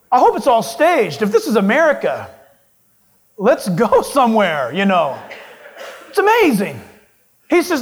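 High-voiced, emphatic male pastor. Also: sing-song, moderate pace. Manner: emphatic, swings his pitch for stress. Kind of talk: sermon.

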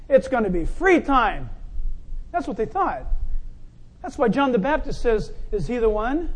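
A man preaching a sermon, animated, acting out the crowd's shouts and stepping in and out of the voices of the scene. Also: very high-pitched, unhurried. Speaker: pastor.

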